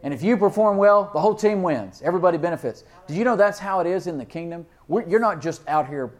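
A man preaching a sermon, reading scripture slowly and asking his listeners questions, with loud emphatic peaks and frequent laughs. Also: high-pitched, lively intonation. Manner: reads King James verses slowly and deliberately; asks the congregation questions and laughs often.

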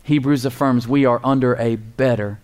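A man in the middle of a conversational sermon, speaking at an average pitch. He teaches like a pastor addressing his Bible school students, rising sharply on the words he wants to stress and chuckling now and then. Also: normal speed. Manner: animated, emphatic, chuckles at his own points.

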